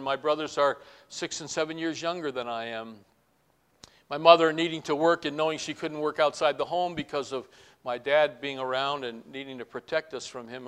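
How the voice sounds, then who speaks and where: A man's voice: on the high side, fairly bright tone, clear, resonant tone. An older man preaching a heartfelt testimony sermon, earnest and building to fervent appeals.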